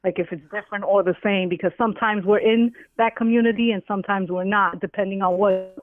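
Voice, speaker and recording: A woman's voice: mid-range voice, steady tone, fast, no echo. A woman guest in a casual interview, talking bluntly and acting out other people's voices. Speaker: podcast guest. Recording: tinny phone line.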